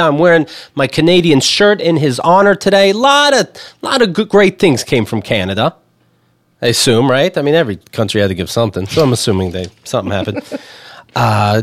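A podcast co-host on a comedy show jokes around in animated, casual comedic chat and reads ad copy loosely. His mid-range voice comes through a dry, studio-quality recording.

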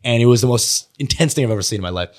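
In a mid-range voice delivered very fast, the comedian tells animated stories on a laid-back podcast. He laughs often and curses freely throughout.

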